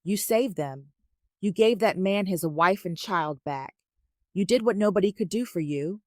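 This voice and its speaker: A woman voicing a calm, steady patient in her fifties who speaks softly and gently. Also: medium pitch, unhurried, dry recording, clean studio sound, close to an everyday voice. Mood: gentle. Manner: soft and gentle.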